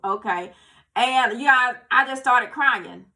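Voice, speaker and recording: A woman's voice: on the high side, takes it slowly, sharp tone. A woman talking casually to her viewers about self-love, encouraging and repetitive, checking in with "okay?" and "you guys". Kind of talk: casual motivational talk to camera.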